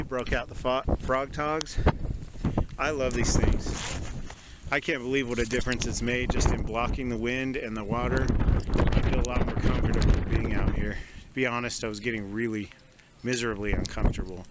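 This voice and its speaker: A man casually narrating an outdoor vlog from a stormy campsite, explaining each step with small asides in a relaxed, chatty way. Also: medium pitch, very noisy. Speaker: outdoor vlogger.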